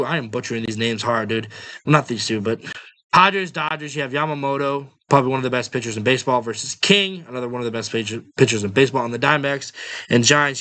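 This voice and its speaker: A man's voice: medium pitch, pushed and bright. A man hosting a sports podcast, talking bluntly and offhandedly like a fan. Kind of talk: casual sports podcast talk.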